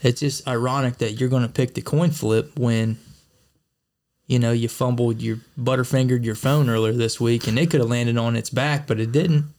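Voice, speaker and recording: A man with a mid-range voice co-hosts a relaxed podcast. He teases his co-host with dry, offhand jabs and easygoing banter. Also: mid-range voice, normal speed. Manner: teasing, dry ribbing. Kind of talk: casual chat.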